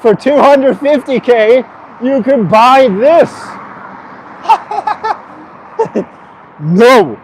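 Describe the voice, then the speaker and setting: A man's voice: very high-pitched, lively intonation, slow, rough recording. Hyper young man streaming while walking. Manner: hyper, swearing, laughing, joking with chat. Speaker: vlogger streaming a long walk. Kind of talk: casual live-stream chat while walking. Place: outdoors by a busy road. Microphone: streaming mic carried while walking. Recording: faint street traffic noise. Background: traffic noise.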